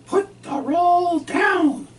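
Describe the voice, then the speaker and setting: Scolding woman, shrill and slow, put on by a man; distant mic, some room noise. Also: full character voice. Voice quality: shrill and loud. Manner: slow, clipped nagging delivery. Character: scolding adult woman, sharp and exasperated.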